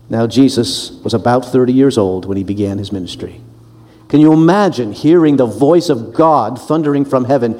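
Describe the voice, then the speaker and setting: A man's voice: on the high side, expressive, a little fast, warm tone, long reverb tail. A man teaching a Bible lesson in an earnest, emphatic way, sometimes restarting his words.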